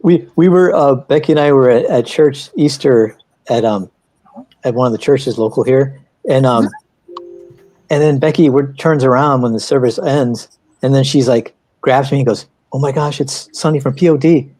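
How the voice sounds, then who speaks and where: A man chatting casually on an art livestream, telling rambling anecdotes in an animated way. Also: medium pitch, normal speed, no echo. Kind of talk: casual chat.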